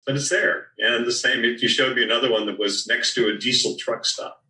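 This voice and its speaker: An older man, a winemaker guest, talking in a relaxed storytelling way about vineyards and his wines. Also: medium pitch, brisk, reverberant, far from the mic, poor audio.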